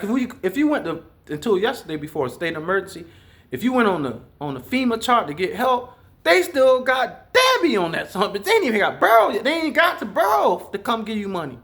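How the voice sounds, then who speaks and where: Animated, swearing man. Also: sits high. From Southeast Georgia, US. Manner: profane, blunt, animated storytelling. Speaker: vlogger. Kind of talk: casual rambling monologue.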